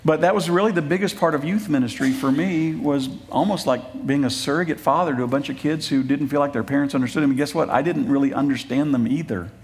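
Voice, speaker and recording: A man's voice: on the high side, quick pace, few pauses, a little hiss or hum. A middle-aged man preaching a sermon in a church, conversational, with joking asides and earnest appeals to fathers. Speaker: pastor.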